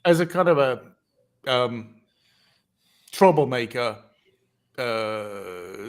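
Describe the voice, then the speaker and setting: A man hosting a casual online chat. He speaks at an ordinary pitch and often stops and restarts mid-sentence, padding his thoughts with "uh" and "um". His delivery meanders before he reaches the point. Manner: halting, many fillers and restarts. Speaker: host.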